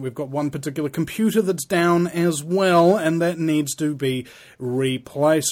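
A man's voice: medium pitch, darkish tone. A man hosting a talk radio show, speaking in a rambling, earnest monologue with many fillers.

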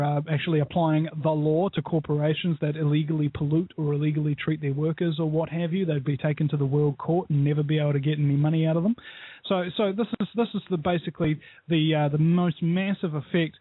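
A New man with a fairly high voice rambles through opinions as a guest on a call-in interview, animated and digressive. He comes through a tinny, phone-like internet call line. The sound is bone dry, with no room around it. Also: fast talker, dry recording. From New Zealand. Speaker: guest, radio show host. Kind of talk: call-in interview over Skype.

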